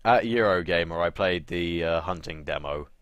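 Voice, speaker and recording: A young man with a very low voice chats casually as a podcast co-host. He is sarcastic and swears freely, acting out little quotes as he goes. The recording is close and dry, with no room sound. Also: moderate pace, a bit bright, clear, resonant tone, no room sound. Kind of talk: casual chat.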